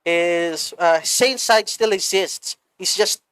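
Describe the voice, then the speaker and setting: A woman with a Filipino accent, chatting as a podcast co-host, animated and swearing freely, slipping Filipino words into English. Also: on the low side, takes it slowly, clear, resonant tone, no echo, low-quality recording. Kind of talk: casual chat.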